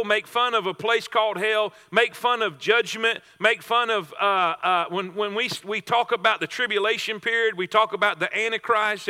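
A man's voice: high-pitched, pushed and bright, in a large hall. A man preaching a sermon to a congregation, emphatic, repeating phrases and restarting himself. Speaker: pastor.

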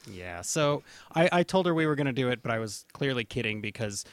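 A man's voice: medium pitch, sing-song, fairly quick, clean tone, no room sound. Casual man podcast co-host, dry sound. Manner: loose, joking, laughs often. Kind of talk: casual chat.

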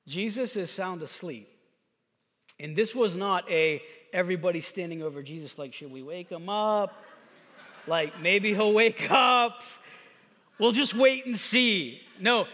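A man preaching a sermon in a conversational, animated way that builds to fervent emphasis. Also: high voice. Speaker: pastor. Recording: long hall reverb.

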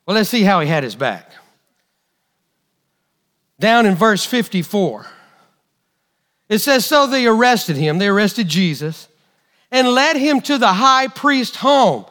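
A man preaching a sermon, telling a story with lively, acted-out quotes. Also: high voice, slow pace, long pauses. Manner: animated storytelling, acting out quotes.

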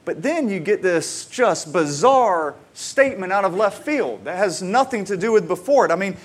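A man preaching a conversational sermon, repeating words as he starts sentences and moving between excited emphasis and quiet, slow reflection. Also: high voice. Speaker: pastor.

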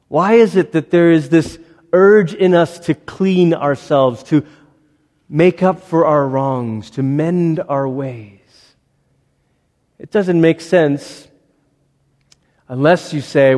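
A man's voice: fairly high pitch, darkish tone. A male pastor preaching a sermon, dramatic, acting out the voices he quotes. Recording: long hall reverb.

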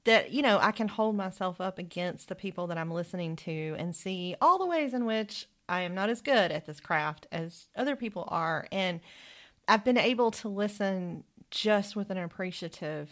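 A woman's voice: mid-range voice, animated, moderate pace. A woman co-hosting a podcast in casual, reflective chat, laughing easily. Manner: chatty, laughs often, reflective. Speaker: podcast co-host.

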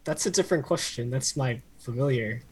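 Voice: mid-range voice, brisk, darkish tone, slightly rough, low-quality recording. A player in a tabletop game, talking in a playful, cheeky way. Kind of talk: playing a tabletop game in character.

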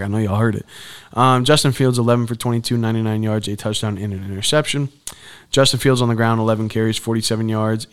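A young man hosts a solo sports podcast from a campus booth, his smooth, mid-range voice chatting casually. He drops slangy asides and slips into frustrated rants.

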